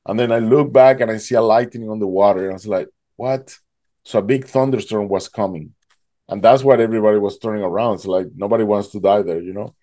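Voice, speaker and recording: A man tells a gripping personal story. His voice is dark and mellow at rest. It leaps much higher whenever he acts out his own panicked cries. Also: brisk. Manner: animated, acts out his own past voice rising high in panic. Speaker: guest telling his story. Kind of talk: emotional storytelling.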